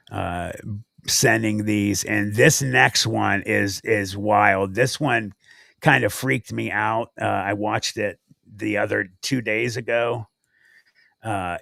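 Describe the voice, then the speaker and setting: Slow creaky-voiced male host. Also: fairly low pitch, a bit bright, dry recording, studio quality. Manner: laid-back, reads out viewer comments. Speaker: livestream host. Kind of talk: casual livestream chat.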